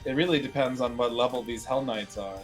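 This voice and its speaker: A man playing a tabletop game, reasoning through the rules at a measured pace. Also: mid-range voice, music in the background. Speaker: player. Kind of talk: casual game chat.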